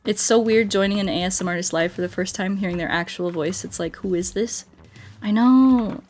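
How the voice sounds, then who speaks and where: Woman streamer chatting w chat, silly and jokey, middle pitch, bit of quiet game music behind. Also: brisk. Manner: goofy, playful, self-joking. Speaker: streamer and ASMR artist. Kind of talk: casual livestream chat with viewers.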